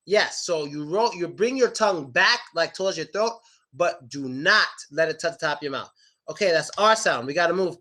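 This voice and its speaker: A man's voice: high-pitched, animated, pushed and bright. A young man teaching English pronunciation in a casual online lesson, chatty and stretching out example words. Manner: chatty, drawn-out model words.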